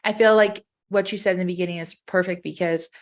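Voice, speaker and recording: A woman's voice: lowish voice, steady tone, quick pace. A woman co-hosting a casual podcast chat, speaking earnestly and frankly. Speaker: podcast co-host.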